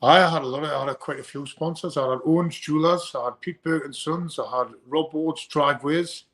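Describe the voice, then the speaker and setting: A man's voice: fairly high pitch, fairly quick, a bit bright. A young man, a fighter being interviewed, talking in a rambling way and often repeating his first words. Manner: rambling, repeats words when starting sentences. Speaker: bare-knuckle fighter guest. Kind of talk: casual interview chat.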